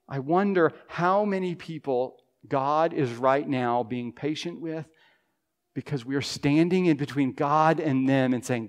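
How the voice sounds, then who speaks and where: A male pastor preaches with mounting intensity, voicing pleading prayers. His voice sits a little higher than most men's. He speaks from the pulpit of a church sanctuary. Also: unhurried. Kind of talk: sermon.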